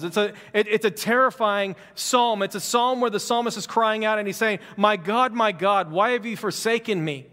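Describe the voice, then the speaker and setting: A man's voice: sits high, fairly bright tone, in a large hall. A man preaching a sermon as a pastor, talking conversationally and repeating phrases with growing fervor. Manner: conversational, fervent preaching with repetition.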